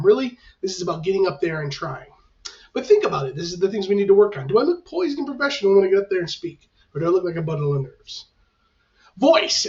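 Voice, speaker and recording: A male teacher giving instructions to his class on camera in a reassuring, conversational way. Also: sits high. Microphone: camera facing the speaker. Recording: dull, lo-fi, mic at a distance.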